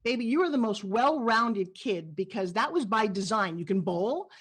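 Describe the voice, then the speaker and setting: A middle-aged woman from New York with a New York accent, telling stories as an animated, emphatic interview guest. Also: mid-range voice, moderate pace, slightly rough. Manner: animated storyteller, lively and emphatic. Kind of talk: candid interview talk.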